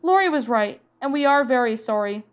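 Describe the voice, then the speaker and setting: A woman's voice: a little high, expressive, brisk, close to an everyday voice. Rita, a sad cartoon mom, read by a woman. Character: Rita, middle-aged mother, apologetic. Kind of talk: storybook reading.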